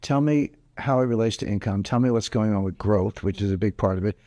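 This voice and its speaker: A man's voice: lowish voice, fairly quick, mellow, dry recording. Emphatic man explaining economics, dry sound. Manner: emphatic, explanatory, repeats key points. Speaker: interview guest, economic commentator. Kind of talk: interview answers.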